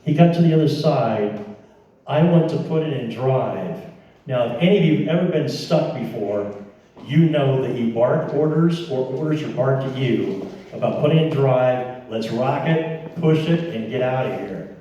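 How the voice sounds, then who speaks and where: A man's voice: mid-range voice, animated, moderate pace, mellow, recorded from a distance, highs cut off. Man telling a story in an echoey room. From American Midwest. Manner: dramatic retelling with quoted dialogue and asides. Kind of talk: personal story told to an audience.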